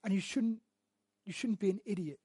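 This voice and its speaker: A man preaching a sermon and teaching through Bible verses, speaking earnestly, often repeating words as he restarts, and building to loud emphatic passages. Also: high voice, moderate pace, slightly rough, dry recording. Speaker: pastor.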